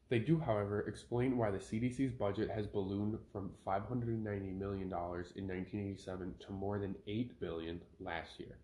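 Male podcast host, deep voice, opinionated reader, echoey home room. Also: dark tone. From Minnesota. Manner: opinionated, ranting, self-correcting. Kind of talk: casual podcast commentary, reading an article aloud. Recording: roomy home podcast recording.

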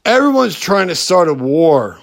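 A man hosting a podcast in a rambling, profane monologue, full of halting restarts and fillers. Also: sits high, very animated, gravelly. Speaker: podcast host. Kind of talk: casual ranting monologue.

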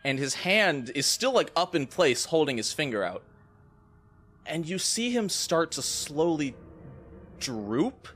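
A man's voice: on the high side, very animated, slow pace, fairly bright tone, soft background music. A man running a tabletop game as game master, narrating scenes vividly and with suspense. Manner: vivid, suspenseful description with playful asides.

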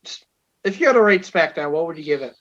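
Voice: medium pitch, animated, fast talker, a bit bright, muffled recording, slight background noise. A podcast co-host in casual chat, throwing in joking interjections.

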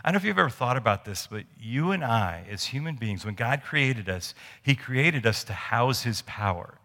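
A man's voice: mid-range voice, expressive, normal speed, bright, forceful tone. A man preaching a sermon as pastor, conversational and storytelling, with restarts and asides. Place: church sanctuary. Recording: long church hall reverb.

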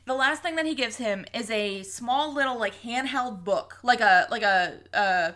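A woman recaps a reality show in a loose, animated chat, with a fairly high, bright voice. She swears freely and slips into quotes of what people said. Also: moderate pace.

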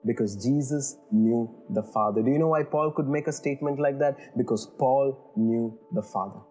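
A man's voice: medium pitch, moderate pace, warm tone, soft background music. A man preaching a sermon in an earnest way, building emphasis and checking in with "you know" and "all right". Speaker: pastor.

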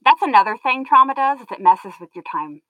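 A woman's voice: sits high, animated, brisk, dry recording. A woman guest in a conversational interview, earnest and explanatory, often looping back mid-thought. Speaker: guest sharing her story. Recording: dull lo-fi sound.

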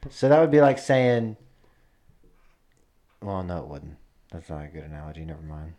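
A man's voice: low-pitched, very animated, normal speed, dark tone. A man co-hosting a podcast, chatting casually in a rambling, joking, profane way. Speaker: podcast co-host.

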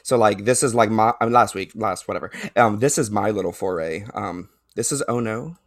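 A man's voice: lowish voice, moderate pace, no room sound, clean studio sound. A man guesting on a podcast over a video call, chatting casually in a rambling way with many fillers. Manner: rambling, filler-heavy, laughing along. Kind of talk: casual chat.

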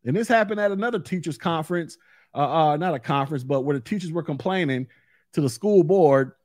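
A man's voice: on the high side, a little fast, a little mellow, dry recording. A man hosting his own opinion podcast, talking bluntly and profanely in a heated rant. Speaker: podcast host. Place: recorded in Florida.

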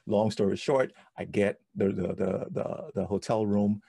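A man in his forties, a podcast host, telling a personal story in an animated way, often repeating and restarting words. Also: fairly low pitch, a little slow, creaky, breathy edge, dry recording.

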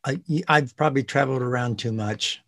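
A man's voice: medium pitch, a little fast, fairly bright tone. A man from Indiana, a guest on an interview podcast, easygoing and laughing as he tells anecdotes. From Indiana, US Midwest. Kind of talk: casual interview.

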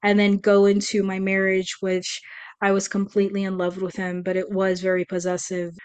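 A woman on a podcast who talks openly and earnestly, stumbling and restarting as she finds her words. Her voice is steady in pitch with little melody. The sound is close and dry, with no room around it. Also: clear, resonant tone, dry recording. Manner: earnest, emotional, halting with restarts. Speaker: podcast co-host. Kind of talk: candid podcast conversation.

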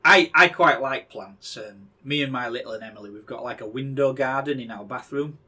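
A man's voice: medium pitch, fairly quick, bright, forceful tone, slightly rough. A middle-aged man, co-hosting a podcast in casual chat and rambling, often repeating words as he starts a sentence. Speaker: podcast co-host.

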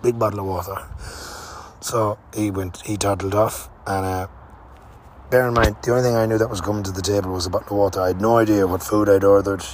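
A man's voice: on the low side, fairly even intonation, fast, slight background noise. A young man hosting a podcast, telling a rambling, casual travel story with fillers and the odd swear word. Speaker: podcast host. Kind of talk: casual spoken travel diary.

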